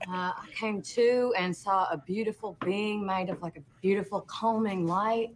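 An actress playing a small-town abductee who speaks hesitantly and reverently. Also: female voice, medium pitch, fairly even intonation, normal speed, background noise, lightly acted. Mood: awed. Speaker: alien abductee.

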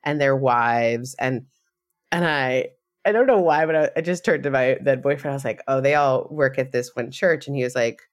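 A woman's voice: rumbling low, normal speed. A woman hosting a podcast in casual chat, chatty and giggly, full of fillers and quoted asides. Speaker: podcast host.

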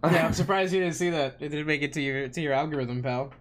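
A man's voice: a little high, fast. A man co-hosting a podcast in casual chat, laid-back and jokey, calling his partner "pal". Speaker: podcast co-host.

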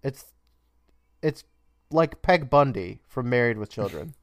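A man's voice: medium pitch, animated, a little slow, no room sound, studio quality. A man co-hosting a podcast, recapping a show casually, swearing freely and laughing often. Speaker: podcast co-host.

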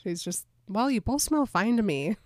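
A woman's voice: medium pitch, sing-song, moderate pace, darkish tone, dry recording, studio quality. A woman co-hosting a casual podcast, retelling a book scene and acting out the characters' lines as she goes. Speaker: podcast co-host. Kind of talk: casual book recap chat.

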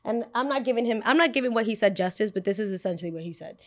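A woman in her twenties hosting a podcast, telling a story in casual chat with an animated, sassy delivery, acting out her own past lines. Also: medium pitch, racing. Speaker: podcast host.

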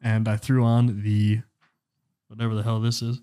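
A man's voice: fairly low pitch, completely flat delivery, moderate pace, dark tone. A young man co-hosting a comedy podcast, chatting casually and joking, laughing often. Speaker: podcast co-host. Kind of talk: casual chat.

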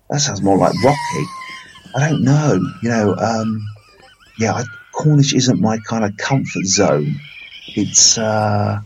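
A man's voice: fairly low pitch, wildly swooping pitch, measured pace, creaky, a little mellow, a little hiss or hum, rough recording. A man hosting a casual film review podcast, rambling and playful with lots of fillers.

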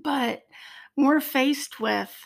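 A woman from Ohio, a podcast guest, tells her faith story in an earnest, heartfelt way with many pauses. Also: sits high, vocal fry. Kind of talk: personal faith testimony.

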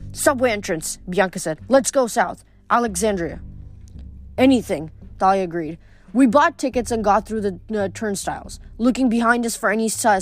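Woman reading a novel aloud. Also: medium pitch. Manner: plain reading with small stumbles and self-corrections. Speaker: audiobook reader.

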